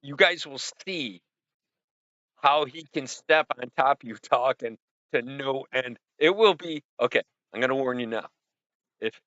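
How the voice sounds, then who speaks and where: A man's voice: mid-range voice, pushed and bright, no room sound. Rambling man hosting a livestream. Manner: rambling, jokey, talks to viewers. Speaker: livestream host. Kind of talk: casual livestream chat. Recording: dry, dull lo-fi sound.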